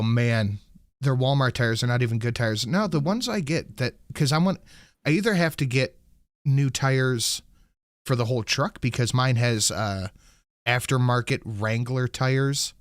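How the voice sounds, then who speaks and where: A man hosting a podcast, telling an angry story full of swearing and quoting himself loudly. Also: mid-range voice, measured pace, dry recording, clean studio sound. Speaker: podcast host. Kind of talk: casual ranting chat.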